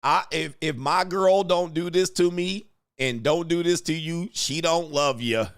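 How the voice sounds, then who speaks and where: A man's voice: fairly high pitch, measured pace. A man hosting a reaction show, mocking the clips in crude slang and laughing between remarks. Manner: crude, loose street slang. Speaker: host. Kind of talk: reaction commentary.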